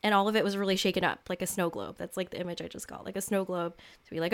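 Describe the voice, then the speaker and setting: A woman's voice: lowish voice, very animated, fast talker, gravelly, few pauses. Candid young woman hosting a podcast. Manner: casual and candid, heavy use of "like" and "um"; open about her feelings. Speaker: podcast host. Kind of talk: reflective solo podcast talk.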